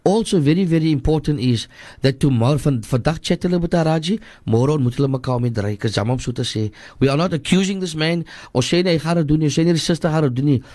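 Earnest Cape Town radio scholar, dry studio. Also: male voice, on the high side, quick pace, warm tone, no echo. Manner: earnest, repetitive, switches into Afrikaans. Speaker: radio guest scholar answering listener questions. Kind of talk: radio advice call-in.

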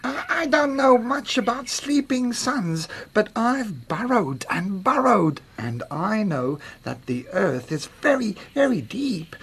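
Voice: mid-range voice, sing-song, takes it slowly, few pauses, breathy edge, heavily acted. An actor voicing a timid rabbit who stammers and hesitates in a children's audio story. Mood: hesitant.

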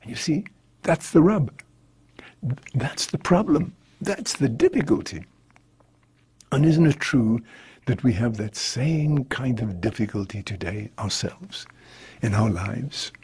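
Husky-voiced priest preaching. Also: male voice, medium pitch, animated, takes it slowly, long pauses, darkish tone. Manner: earnest, reflective preaching. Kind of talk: scripture reading and homily.

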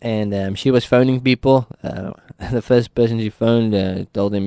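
South african guy telling his story, warm low-key voice, dry close sound. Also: fairly even intonation, moderate pace, creaky, few pauses, no echo. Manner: earnest storytelling, voices the people he quotes. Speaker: guest sharing his testimony. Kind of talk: personal testimony in an interview.

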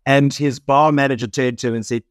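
South African fund manager, dry close sound. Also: male voice, mid-range voice, fairly even intonation, fairly quick, no echo. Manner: rambling, self-correcting, laughs easily. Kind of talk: conversational interview.

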